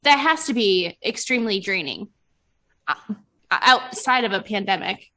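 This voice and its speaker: A woman's voice: medium pitch, animated, normal speed, bright, forceful tone. A young adult woman hosting a podcast, chatting casually and expressively, with a loose, profane way of talking. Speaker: podcast host. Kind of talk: casual chat.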